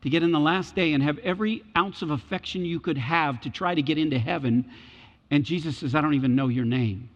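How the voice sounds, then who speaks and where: A man's voice: on the high side, a little fast. A man preaching a sermon with dramatic delivery, acting out voices from the scriptures. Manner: dramatic, acts out biblical voices. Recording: echoey hall, dull lo-fi sound.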